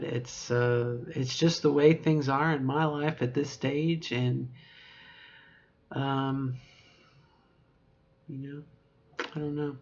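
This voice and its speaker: A woman's voice: low voice, fairly even intonation, slow, pauses often, a little mellow, muffled recording. A middle-aged woman talking to camera in a casual video diary, reflective and rambling, with many fillers. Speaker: vlogger.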